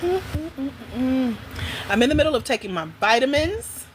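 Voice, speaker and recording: A woman hosting a livestream from home, chatting casually with viewers in an animated way and laughing often. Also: sits high, fast talker, noisy background. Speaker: livestream host.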